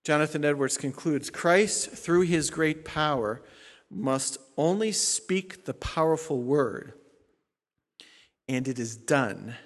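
Male pastor, somewhat high voice, emphatic sermon delivery with loud peaks and hushed asides, long hall reverb. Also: slow. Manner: emphatic preaching, swings from loud declarations to quiet asides.

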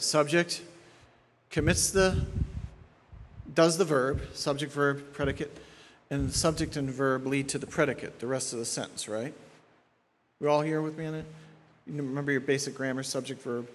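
A man's voice: mid-range voice, moderate pace, pauses often, long reverb tail. A man preaching an expository sermon as pastor, emphatic, repeating key phrases and checking in with his listeners.

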